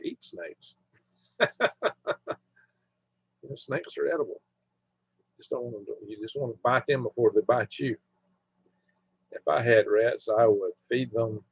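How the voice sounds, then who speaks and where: Husky man chatting on a live stream. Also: medium pitch, fairly bright tone, no room sound. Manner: rambling, chatty, hums to himself while browsing. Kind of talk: casual live stream chat with viewers. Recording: dull lo-fi mic sound.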